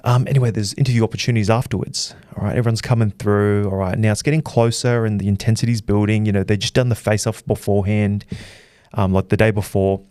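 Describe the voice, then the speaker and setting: Brief: male host, low voice, casual rambling recap, dry close mic. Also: level tone, quick pace, darkish tone, smooth, no room sound. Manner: chatty storyteller, many fillers and restarts. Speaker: boxing channel host.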